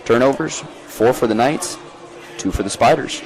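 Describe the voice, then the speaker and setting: A man giving live play-by-play commentary on a lacrosse game outdoors, folksy and energetic as he calls the action. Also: mid-range voice, normal speed.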